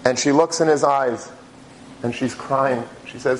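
A man giving a religious talk, telling a story in a halting way with many restarts. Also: mid-range voice, steady tone, a little hiss or hum, low-quality recording. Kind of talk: sermon storytelling.

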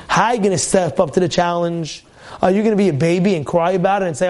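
A man giving a weekly Torah talk as a rabbi, animated, firing rhetorical questions and repeating his phrases. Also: high-pitched, quick pace.

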